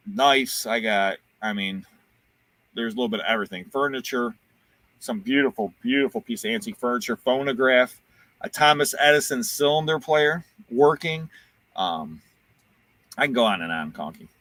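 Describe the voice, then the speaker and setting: A man hosting a casual chat as an auctioneer, lively and talkative, plugging his auctions. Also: medium pitch, no echo. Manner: lively, quotes movie lines in put-on voices. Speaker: auctioneer and show host.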